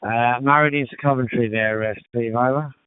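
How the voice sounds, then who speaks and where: A man's voice: medium pitch, normal speed, clean tone, no room sound. Birmingham man over tinny ham radio. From England. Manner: relaxed, rambling with many fillers. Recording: tinny radio transmission, dry.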